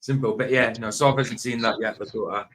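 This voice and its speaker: A man's voice: medium pitch, steady tone, a little fast, fairly bright tone, rough recording. A man hosting a casual livestream chat, rambling, often laughing and breaking off mid-sentence. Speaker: livestream host. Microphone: streaming setup.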